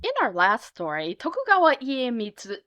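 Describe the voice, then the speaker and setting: A woman's voice: fairly high pitch, huge pitch swings, moderate pace, a bit bright. A woman storyteller performing a comic historical tale in a playful, punchy way.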